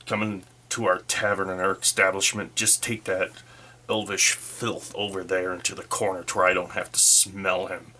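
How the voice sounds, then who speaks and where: A man voicing a surly male dwarf in a tavern who talks in a gruff, dismissive way during a solo tabletop game. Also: low voice, flat delivery, normal speed, bright, forceful tone. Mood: scornful.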